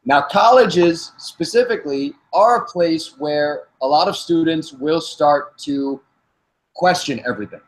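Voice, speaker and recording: A man's voice: on the high side, measured pace, low-quality recording. A man with a northern New Jersey accent, leading a casual panel debate, asking long questions with frequent restarts. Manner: stumbling restarts, animated questioning.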